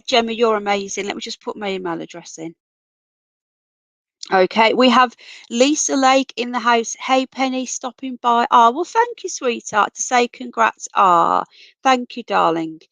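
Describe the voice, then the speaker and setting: A slightly high, a bit bright and expressive voice comes through with no echo, speaking a little slowly. The woman hosts a casual livestream on an off-camera computer mic, reading viewer comments and greeting people as darling and sweetheart as a cold takes her voice.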